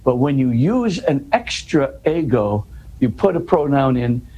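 An earnest man explains scripture in an interview, his voice warm and mellow at an ordinary pitch. He loops back over words, checks in with "you know" and "right?", and lifts into emphatic questions. A faint background hum sits under his voice. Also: sing-song, unhurried, rough recording. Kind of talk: explanatory conversation.

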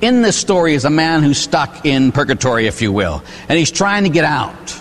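A Catholic priest giving a sermon, telling stories with lively acted-out voices. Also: male voice, on the high side, moderate pace, long reverb tail. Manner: animated storytelling, acts out characters.

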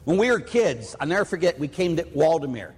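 A man's voice: on the high side, big pitch swings, a little fast, slight background noise. A man from Pittsburgh, a priest, preaching a conversational sermon full of plainspoken stories. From Pittsburgh, USA. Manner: storytelling, anecdotal and plainspoken. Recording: long hall reverb.

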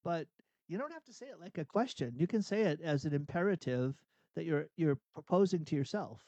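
Guy on catholic radio, kinda high mellow voice, dry studio, thinking out loud. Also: lively intonation, brisk, dry recording, dull audio. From outside Boston. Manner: thinking aloud, frequent restarts and rhetorical questions. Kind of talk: reflective spiritual talk.

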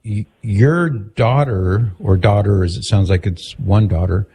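A man hosting a radio call-in show, asking calm, measured questions and summing up what he hears. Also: lowish voice, breathy edge. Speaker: radio host.

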